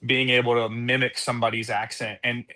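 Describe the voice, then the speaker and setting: A man chats loosely as a podcast guest, easygoing and quick to laugh at himself. His voice sits at an ordinary middle pitch. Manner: relaxed, laughs easily, self-deprecating. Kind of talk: casual podcast chat.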